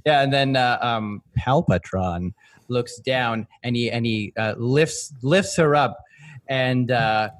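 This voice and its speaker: A man playing in a tabletop game, talking in halting, giggly bursts with stumbling restarts. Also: mid-range voice. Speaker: player. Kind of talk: casual tabletop game chat.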